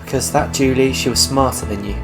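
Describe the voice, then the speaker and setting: A man's voice: medium pitch, fairly even intonation, brisk, close to an everyday voice. A man reading the lines of a taunting, mysterious male ghost passenger in a video game, needling and mocking. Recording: game music behind.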